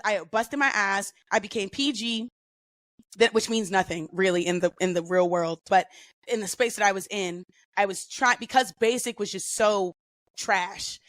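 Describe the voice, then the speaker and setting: A woman guest on a podcast, telling stories in a casual, profane and animated way with lots of slang. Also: medium pitch, no room sound. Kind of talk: casual storytelling.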